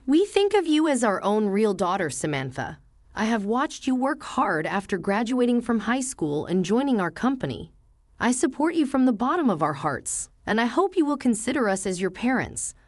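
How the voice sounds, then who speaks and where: A kindly older boss offers fatherly reassurance, with a lively rise and fall in the voice, as a woman reads him aloud. The recording is close and dry. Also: extremely high pitch, normal speed, dry recording.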